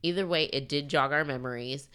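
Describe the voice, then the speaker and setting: A woman co-hosting a podcast in casual chat, laughing often and mocking people with quick put-on quotes. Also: low-pitched, fairly bright tone, smooth. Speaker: podcast co-host.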